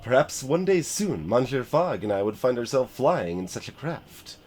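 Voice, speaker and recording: A man's voice: medium pitch, lively intonation, moderate pace, a little mellow. A man streaming a story game, reading its narration aloud and chatting in a self-deprecating way.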